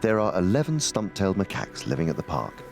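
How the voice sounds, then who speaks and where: A man narrating a documentary in a calm, measured, scripted way. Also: deep voice. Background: music.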